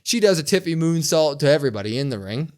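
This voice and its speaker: A young man co-hosting a podcast, recapping a wrestling episode in casual, animated chat. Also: fairly high pitch, fast talker. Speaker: podcast co-host.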